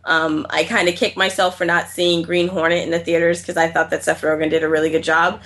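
Bright-voiced woman, animated podcast chat. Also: sits low, fairly quick. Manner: animated, swearing, with fillers. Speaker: podcast co-host. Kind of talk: casual chat about games and films.

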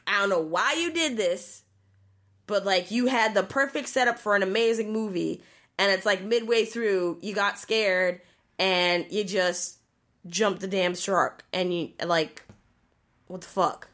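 A woman's voice: mid-range voice, unhurried. Woman ranting in casual podcast chat. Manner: animated, profane ranting. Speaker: podcast co-host.

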